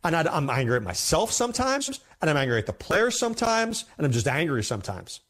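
A man's voice: a little high, very animated, a little fast, a bit bright. A man hosting a fantasy football show, talking casually and emphatically, often repeating himself for effect. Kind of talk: casual commentary to camera.

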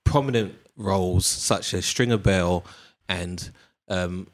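A man's voice: low-pitched, slow. Sweary man chatting. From Britain. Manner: rambling, sweary, many ums. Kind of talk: casual chat.

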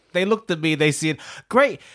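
A man from New Zealand telling a story in casual chat, animated, laughing often and acting out what people said. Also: a little high, moderate pace.

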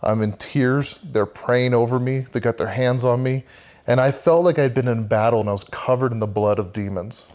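A man's voice: mid-range voice, normal speed, darkish tone. A man, guest on a podcast, earnestly telling a vivid personal faith story and talking about leading a men's church group.

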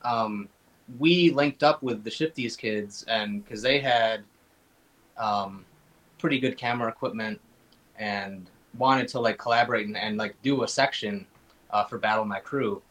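A man's voice: on the low side, unhurried, a bit bright, low-quality recording. A man talking as a podcast guest in casual chat, rambling along with many fillers and restarts.

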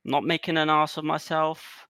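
A man's voice: a little high, little pitch movement, a little fast, pushed and bright, smooth, dry recording. A man co-hosting a casual football podcast, joking and laughing often as he talks through the week's news. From Cyprus. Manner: jokey, laughs often, punning. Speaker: podcast co-host.

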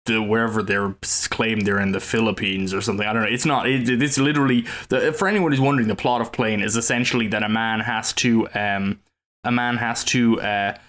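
A man with a fairly low voice co-hosts a casual comedy film podcast. He talks in a laid-back, sardonic way and swears casually. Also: steady tone, fairly quick, fairly bright tone. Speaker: podcast co-host.

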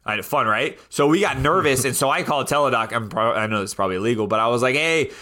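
A man's voice: medium pitch, fast, sharp tone. A man co-hosting a podcast, telling stories in casual, slangy chat. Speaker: podcast co-host.

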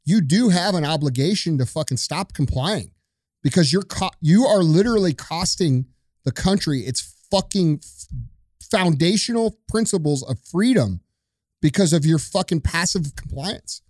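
A man's voice: on the high side, animated, normal speed, no room sound, clean studio sound. A man co-hosting a podcast, ranting with profanity in casual talk. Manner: profane, forceful, preachy. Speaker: podcast co-host.

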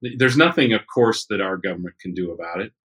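A man's voice: low voice, animated, quick pace, a bit bright, husky, low-quality recording. A man co-hosting a talk show, giving blunt, emphatic opinions in casual commentary. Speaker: podcast co-host.

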